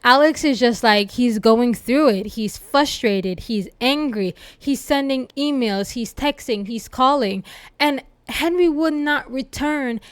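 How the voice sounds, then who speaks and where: A young woman casually retelling a novel's plot in a book review vlog, animated, laughing and swearing. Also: fairly high pitch, a little slow, clear, resonant tone.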